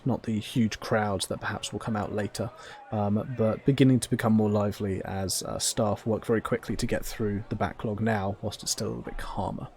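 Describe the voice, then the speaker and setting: A man narrating a tabletop game as game master, describing scenes at length with frequent pauses and ums. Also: lowish voice, darkish tone, a little hiss or hum.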